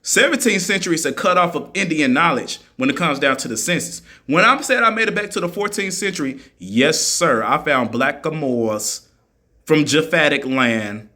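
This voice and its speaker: A man's voice: on the high side, expressive, moderate pace, bright, forceful tone. A man in a heated monologue, answering critics in an argumentative, mocking way and repeating his points for emphasis. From United States.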